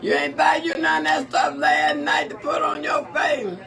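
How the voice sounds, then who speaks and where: A man's voice: very high voice, big pitch swings, normal speed, vocal fry. A man talking casually in his home kitchen, sassy, blunt and defiant about his own cooking. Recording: distant from mic, loud crowd behind.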